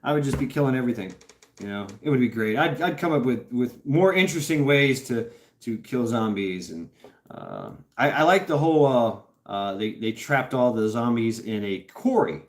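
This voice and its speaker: The recording echoes around a room as a man hosts a casual livestream, reading chat and rambling with laughter, swearing, and frequent fillers. He speaks at a moderate pace in a mid-range, very animated voice.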